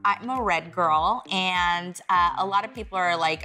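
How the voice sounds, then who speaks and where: A woman's voice: on the low side, unhurried, pushed and bright, faint music behind. A woman in her forties hosting a casual lifestyle vlog, chatty and gushing as she shows off her favorite things. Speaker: vlog host.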